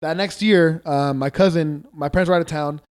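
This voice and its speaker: A man's voice: a little high, fairly quick. A man co-hosting a podcast, telling ghost stories in casual chat, loose and swearing, acting out the people he quotes. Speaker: podcast co-host.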